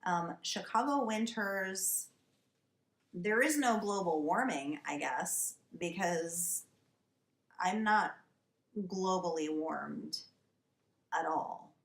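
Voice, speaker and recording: A wine show host in her thirties talks to camera in a casual, comic monologue, filmed in a basement cellar with roomy echo. Her voice is on the low side, and she speaks slowly and deliberately, wry, emphatic, and comically exasperated.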